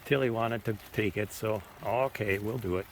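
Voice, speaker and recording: A man's voice: fairly low pitch, moderate pace, slight background noise. A man with a Minnesotan accent, casually narrating outdoors as he tours park trails on a recumbent trike, chatty and pointing things out along the way. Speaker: trike touring vlogger.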